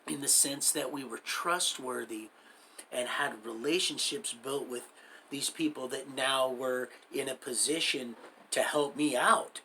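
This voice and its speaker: Man, bright and forceful voice, rambling casual storytelling, slangy, faint background hiss. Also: mid-range voice, measured pace, poor audio. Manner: rambling, full of restarts and acted-out quoted dialogue; streetwise, slangy talk. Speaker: livestreamer telling his life story.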